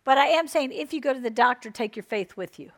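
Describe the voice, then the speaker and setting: Woman preacher mid-sermon, fairly high voice, driving points home with repeated phrases and calls for "Amen". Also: lively intonation, fast talker. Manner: emphatic, repeats phrases and asks the crowd "Amen?".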